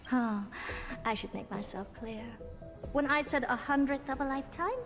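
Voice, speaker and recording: Haughty genius woman scientist, sardonic, imperious, high voice, game voice acting. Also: moderate pace, in a large hall, over music. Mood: teasing. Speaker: game character.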